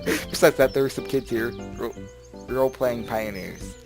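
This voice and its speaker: A man's voice: mid-range voice, moderate pace, gravelly, soft background music. Giggly rambling man reading a game aloud. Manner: rambling, giggly, stumbles over words. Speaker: let's play gamer. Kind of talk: casual let's play commentary, reading game text aloud. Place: his bedroom at home.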